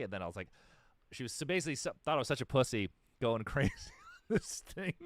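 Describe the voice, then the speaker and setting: A man with a very low voice talks fast in a rambling, restart-heavy way, full of fillers. He is a musician guest in a casual interview chat. The sound is dry and close. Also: expressive, no echo.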